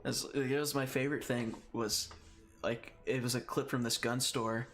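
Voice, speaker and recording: A man's voice: mid-range voice, steady tone, normal speed, fairly bright tone, faint music behind. A man chatting casually on a gaming stream who often laughs through his own stories and swears freely.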